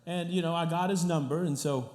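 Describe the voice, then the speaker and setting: A middle-aged pastor from the Kansas City area, telling a story in a sermon, chatty and animated with many restarts. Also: male voice, on the high side, brisk.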